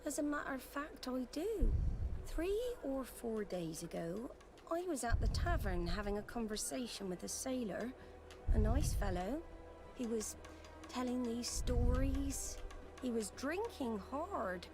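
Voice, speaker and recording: An actress playing a chatty townswoman recounting events in a game, drawn-out and confiding. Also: on the high side, lively intonation. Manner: storytelling, drawn-out. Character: chatty townswoman witness, gossipy. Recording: game audio with music behind.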